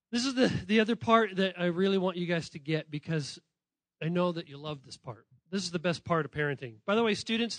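Pastor for a kids' and students' crowd, male, high and bright voice, playful, recorded dry and close. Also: dry recording. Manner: animated and playful, often talks straight to listeners and corrects himself. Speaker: pastor speaking to children and students. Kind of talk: lively sermon addressed to kids.

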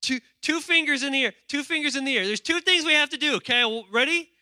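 A man preaching a lively sermon, reading scripture aloud with playful asides and calling on the congregation to respond. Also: very high voice, fast, no echo, studio quality. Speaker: pastor.

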